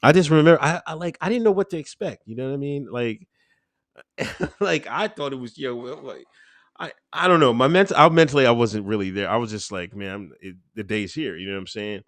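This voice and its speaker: A man in a relaxed interview tells stories in an unhurried, easygoing way, breaking into laughter. His voice sits at a medium pitch but leaps high whenever he acts out a quote. The sound is dry and close. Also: dry recording. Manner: laid-back, laughs often, acts out quotes with big pitch jumps. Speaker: interview guest, Air Force veteran. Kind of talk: casual conversational storytelling.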